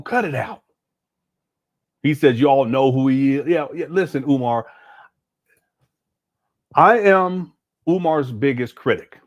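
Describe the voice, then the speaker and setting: A male streamer giving reaction commentary, sarcastic and exasperated as he argues with the clip he is playing. His voice sits a little high for a man. It swoops widely in pitch.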